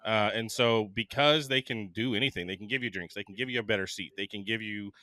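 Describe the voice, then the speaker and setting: An enthusiastic man on a podcast who chats and laughs easily while telling a travel story. His voice is bright and forward, and the recording is close and dry. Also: lowish voice, quick pace, no echo. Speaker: podcast co-host. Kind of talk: casual chat.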